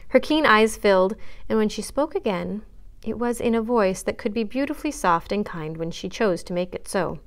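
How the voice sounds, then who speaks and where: A woman librarian narrates a classic chapter book for story time. Her reading voice is steady and clear, pitched in an ordinary middle range. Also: normal speed. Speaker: children's librarian reading aloud. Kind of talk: storytime read-aloud narration.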